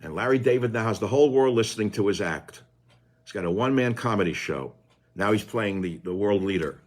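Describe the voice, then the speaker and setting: An older man with a low voice, hosting a radio talk show and delivering a combative, sarcastic political monologue that swings from low mutters to shouts. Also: animated, brisk.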